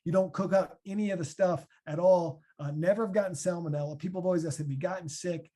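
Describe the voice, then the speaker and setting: A man in his thirties with a Midwestern American accent, answering podcast questions as a former linebacker in a chatty, animated way. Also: sits high, fast talker. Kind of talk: casual podcast Q&A.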